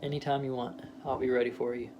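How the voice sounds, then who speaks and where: A man voicing a stubborn, defiant middle-aged husband who talks gruffly in clipped dialect. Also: medium pitch, little pitch movement, quick pace, noisy background, lightly acted.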